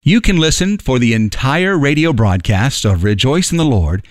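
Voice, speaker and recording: A man reading a scripted broadcast outro, measured and clear, spelling out contact details. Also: mid-range voice, very animated, dry recording. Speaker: radio announcer. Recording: faint music bed.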